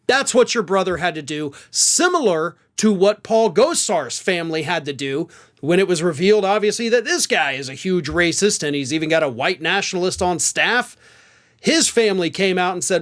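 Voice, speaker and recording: A man from the American South hosting political commentary, sarcastic and animated, with lots of rhetorical questions. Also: sits high, a little fast.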